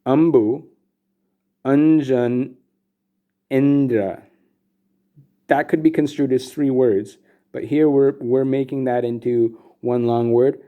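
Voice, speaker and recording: A man explaining Sanskrit script and meter as a teacher, relaxed and casual, with many pauses and fillers. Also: mid-range voice, phone-quality sound. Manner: relaxed, many ums and restarts. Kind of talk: explanatory lesson with slides.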